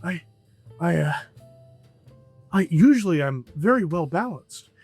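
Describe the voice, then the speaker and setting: Man playing a nervous young waiter, higher voice, hesitant and apologetic. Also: expressive, a little slow, a little mellow, slightly rough, faint music behind, exaggerated voice. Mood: flustered.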